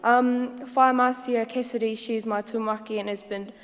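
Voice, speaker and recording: A woman's voice: fairly high pitch, fairly even intonation, normal speed, long reverb tail. A woman with a New Zealand accent giving a personal presentation at a symposium, speaking casually and hesitantly with many ums and Māori words mixed in.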